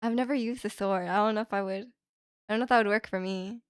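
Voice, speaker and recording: A woman's voice: mid-range voice, steady tone, quick pace, smooth, no echo, clean studio sound. A young woman livestreaming from home, chatting in a rambling way and reading out viewer comments with light laughs.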